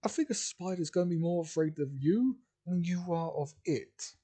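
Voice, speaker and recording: A man's voice: a little high, expressive, moderate pace, mellow, pitched above the performer's own voice. A man doing an exasperated sarcastic young man. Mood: dry. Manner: sarcastic, sighing. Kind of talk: improvised fan story narration.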